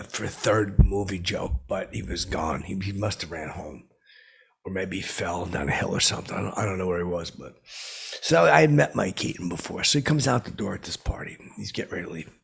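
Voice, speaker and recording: A man voices a boastful, belligerent has-been telling a long comedy podcast story. His voice is low and gravelly, with a husky rasp and a forceful edge. He rambles and stalls through fillers and false starts. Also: full character voice. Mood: rambling. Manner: rambling, halting, full of fillers and restarts. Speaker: podcast host in character. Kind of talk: in-character comedy podcast monologue.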